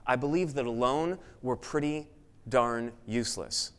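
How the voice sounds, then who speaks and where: A man speaks from a conference stage in an earnest, emphatic keynote style. His voice sits at an ordinary pitch for a man, and his delivery is built to inspire the audience in the room. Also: a little slow, clean tone. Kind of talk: motivational keynote talk.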